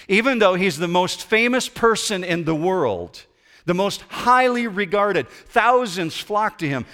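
Male pastor, slightly high voice, lively preaching to a congregation. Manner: animated preaching, acts out grumbling voices. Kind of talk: sermon. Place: church sanctuary before a congregation.

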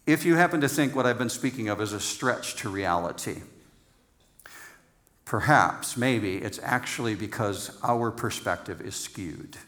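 A middle-aged man preaching a sermon in a relaxed, conversational way, teasing the congregation and repeating words for emphasis. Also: mid-range voice. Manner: repeats words for emphasis, slows down on key phrases. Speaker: pastor.

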